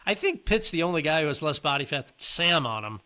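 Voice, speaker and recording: A man co-hosting a casual podcast, with a bright, slightly high voice. He talks conversationally and keeps handing questions to his partner. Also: big pitch swings, brisk, smooth. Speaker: podcast co-host. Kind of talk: casual chat.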